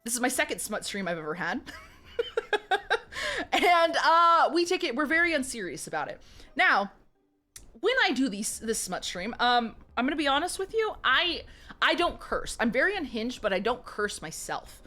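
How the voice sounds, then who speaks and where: A woman's voice: high-pitched, very animated, moderate pace, pushed and bright. A woman streamer chatting casually and giggling as she rambles to her viewers. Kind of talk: casual live-stream chat.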